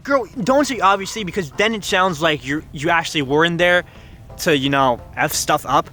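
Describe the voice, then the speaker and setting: This young gaming YouTuber speaks at normal speed in a bright, forceful voice with lively intonation, faint music behind him. Playing a story game outdoors, he reads lines in goofy falsetto character voices and cracks jokes in between.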